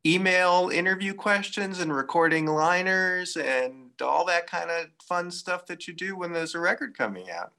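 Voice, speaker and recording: A man, a musician guest, chatting in an interview and telling stories in a relaxed, reflective way with frequent fillers. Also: sits high, moderate pace, vocal fry, hardly any pauses. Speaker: saxophonist guest. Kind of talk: casual interview chat.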